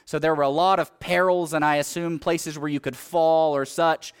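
A man's voice: a little high, steady tone, moderate pace, smooth. A man preaching a sermon, telling a Bible story and reading scripture aloud, building up energy at the dramatic parts. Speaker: pastor.

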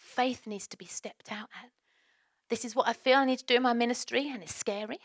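A woman's voice: fairly high pitch, fairly even intonation, brisk, no echo, clean studio sound. A woman preaching a sermon as a pastor, earnest and exhorting, firing off rhetorical questions.

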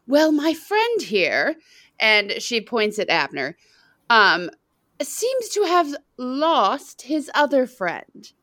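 A woman's voice: fairly high pitch, huge pitch swings, takes it slowly, bright, forceful tone. A woman playing her character in a tabletop game, polite and lightly theatrical. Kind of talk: in-character role-play.

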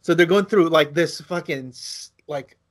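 A man co-hosting a podcast, telling a casual story, acting out quotes with big jumps in his voice and swearing freely. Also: unhurried. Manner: animated, acts out quotes with big pitch jumps. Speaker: podcast co-host.

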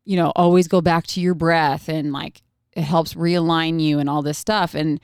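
Female podcast host, chatty and rambling, smooth lower voice, dry close mic. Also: steady tone, normal speed, a little mellow, no echo. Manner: chatty, rambling, laughs often. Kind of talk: casual podcast chat.

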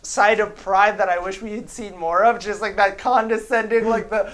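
A woman's voice: mid-range voice, steady tone, moderate pace, a loud crowd. A woman hosting a podcast, chatting casually about anime in a rambling way, with lots of filler words and frequent swearing. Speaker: podcast host.

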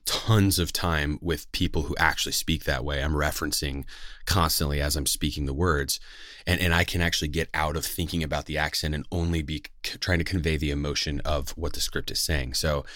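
In a dry, studio-quality recording, a man with a very deep, fairly bright voice speaks steadily at normal speed. He's a West Coast American voice actor with a General American accent, casually and earnestly addressing the camera with plenty of fillers and restarts.

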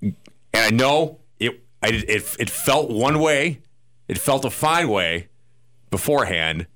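A man's voice: mid-range voice, lively intonation, slow, pushed and bright. A man co-hosting a radio talk show, telling a long story with lots of restarts and acted-out asides in a casual studio chat.

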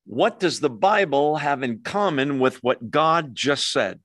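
A man's voice: on the high side, a little slow, no echo. A man preaching a sermon and teaching verse by verse, putting questions to his listeners. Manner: expressive preaching, asks the congregation questions. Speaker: pastor.

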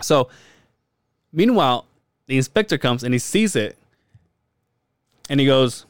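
Male co-host, animated raconteur with a lively swinging pitch and a dry close sound. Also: measured pace, long pauses, smooth, dry recording. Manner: animated storyteller, acts out quotes, swears, laughs often. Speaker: podcast co-host. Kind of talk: casual storytelling chat.

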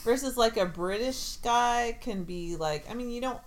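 A woman's voice: a little high, animated, normal speed, a little hiss or hum. A middle-aged woman co-hosting a podcast in casual, rambling chat, laughing often. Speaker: podcast co-host.

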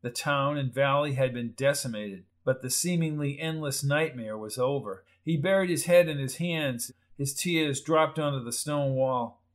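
A man reading a horror story aloud in a measured, dramatic narrating style. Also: mid-range voice, low-quality recording. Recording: voice over loud music.

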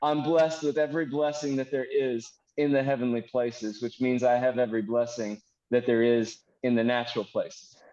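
A man teaching how to pray through scripture, reading verses slowly and turning them into earnest prayer. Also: medium pitch, steady tone, darkish tone, lo-fi sound. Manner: earnest, slows to read verses aloud as prayer. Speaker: minister.

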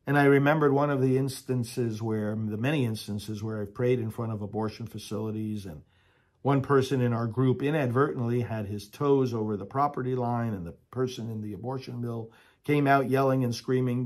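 A man's voice: medium pitch, moderate pace, a little mellow, breathy edge. A man preaching a sermon with earnest emphasis, then leading prayers aloud as a priest.

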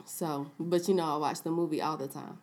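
A woman's voice: low voice, steady tone, fairly quick, a little mellow. Young woman, playful teasing podcast co-host. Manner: playful teasing, laughs often. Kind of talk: casual chat.

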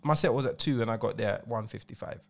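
A man's voice: fairly low pitch, quick pace, gravelly. A man in his forties with a London accent, co-hosting a podcast and telling stories in casual chat, acting out quotes in slang. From England. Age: 40s. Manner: animated storytelling, acts out quotes in slang. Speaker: podcast co-host and DJ.

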